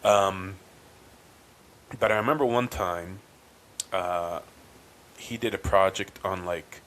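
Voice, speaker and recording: A man's voice: deep voice, takes it slowly, fairly bright tone, low-quality recording. A man hosting a podcast, telling a rambling, casual story with many ums and restarts. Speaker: podcast host. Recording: faint background noise.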